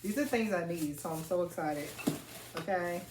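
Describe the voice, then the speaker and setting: A woman vlogging from home as she unboxes gifts, chatty and excitable, calling her viewers y'all. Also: fairly low pitch, moderate pace, echoey room, noisy background. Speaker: family vlogger. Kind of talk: casual unboxing vlog. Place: home, indoors.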